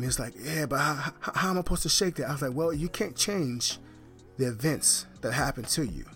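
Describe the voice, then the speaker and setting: A man's voice: fairly high pitch, fairly bright tone. A man telling a personal story and acting out the quoted dialogue, his voice rising and falling with each part. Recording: faint music behind the voice.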